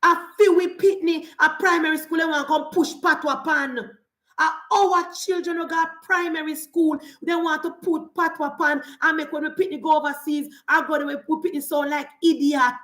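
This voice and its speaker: Jamaican woman vlogger, high and insistent, hammering her point in patois-tinged talk, roomy echo. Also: fairly even intonation, normal speed, a bit bright. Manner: emphatic, repeats rhetorical refrains. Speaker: political commentator. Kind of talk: casual political rant.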